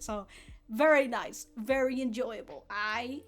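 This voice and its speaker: A woman giving casual, excitable commentary on an anime episode, swearing and laughing freely. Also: high-pitched, a little slow.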